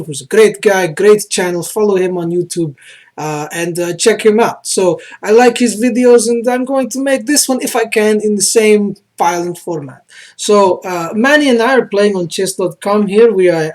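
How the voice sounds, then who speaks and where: A man with a put-on Croatian accent that sounds Russian, talking through his own chess game casually, hesitant and full of filler sounds as he often corrects himself. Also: high voice.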